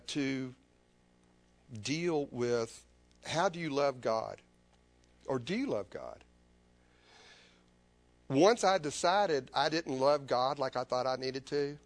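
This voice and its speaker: A man's voice: high-pitched, fairly bright tone, dry recording. A man preaching a sermon as a personal testimony, earnest and confessional, often repeating his phrases.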